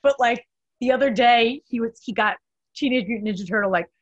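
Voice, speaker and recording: Woman, husky voice, upbeat host, dry lo-fi recording. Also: fairly high pitch, a little fast, dry recording. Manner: upbeat, laughs easily. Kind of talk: casual chat.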